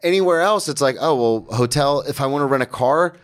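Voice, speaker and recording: Young male comic host from Florida, relaxed, rambling podcast talk. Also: mid-range voice, a little fast, clear, resonant tone. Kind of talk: casual podcast chat.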